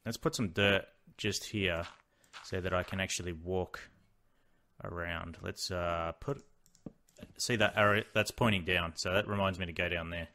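A young man giving casual gameplay commentary, excitable, exclaiming and muttering to himself as he plays. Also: deep voice, normal speed. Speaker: Let's Play host.

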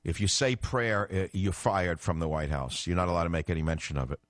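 A low-voiced older man hosts a political call-in radio show. He talks forcefully and with indignation, pressing each point. His voice is dry and close, with no room sound. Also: brisk, no room sound. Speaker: radio talk show host. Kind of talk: political talk radio commentary.

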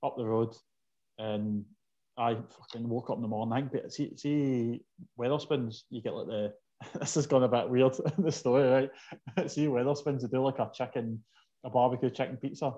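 A man's voice: medium pitch, normal speed, muffled recording. Scottish man spinning a sweary yarn. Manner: animated storyteller, swears freely. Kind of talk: casual chat.

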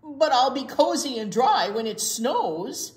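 A woman's voice: sits high, big pitch swings, a little slow, voice pushed up. A woman voicing a proud, stubborn little male hedgehog who insists on his point, heard in an echoey room. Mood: indignant. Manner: indignant, insistent.

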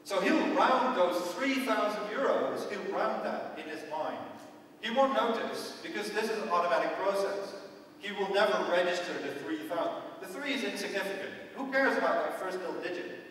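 A man's voice: sits high, expressive, normal speed, a bit bright, a little hiss or hum. A man with a Dutch accent giving a conference talk in a lecture hall. He speaks in a conversational, wry way and keeps checking in with the audience. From Netherlands. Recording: echoey hall, voice from far off.

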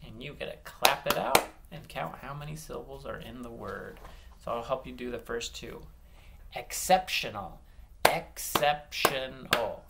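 A man teaching an online phonics lesson to young children, upbeat and encouraging, stretching words out slowly. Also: medium pitch, gravelly, heavy background noise. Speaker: early elementary teacher.

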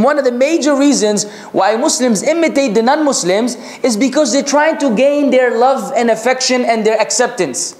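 A man preaching a religious lecture, reciting Arabic scripture rapidly and asking rhetorical questions. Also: very high voice, a little mellow, reverberant. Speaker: Islamic preacher.

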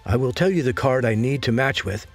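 Sly, easygoing teen boy trader, read by a male narrator, slightly husky. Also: medium pitch, a little fast, soft background music, close to an everyday voice. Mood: easy, sly. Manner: easygoing, smooth-talking. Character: calm, sly bald teenage boy trader.

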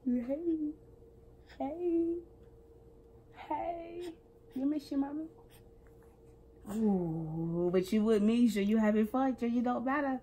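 A woman's voice: on the high side, animated, takes it slowly, pauses often, mellow, a little hiss or hum. A woman vlogging casually outdoors on a walk, talking playfully to a baby and teasing her companion. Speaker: family vlogger. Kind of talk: casual vlog chat.

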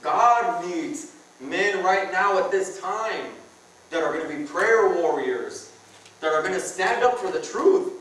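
A man's voice: high-pitched, animated, slow, fairly bright tone. A man preaching a sermon to a men's conference, talking in an earnest, conversational way and repeating his phrases for emphasis. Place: church hall with a live audience. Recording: very echoey church hall, mic from far off.

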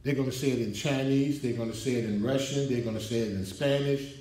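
A man's voice: steady tone, quick pace, warm tone, distant mic. Man preaching emphatically in an echoey hall. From United States. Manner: emphatic preaching with call and response, climbs in pitch when stressing points. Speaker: pastor. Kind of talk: sermon. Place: church hall.

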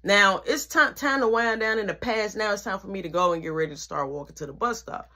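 A teenage woman retells a story in casual, slangy talk, animated and quick, and she drops into whispers for asides. Her voice sits in a medium pitch.

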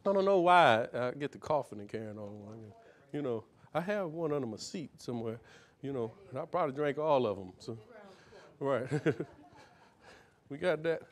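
A man's voice: mid-range voice, lively intonation, moderate pace. A man preaching live to a small group. He teaches from scripture in a folksy way, keeps checking in with "see?" and "right?", and repeats key words in rhythmic runs. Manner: leads a reader through verses, echoing each phrase.

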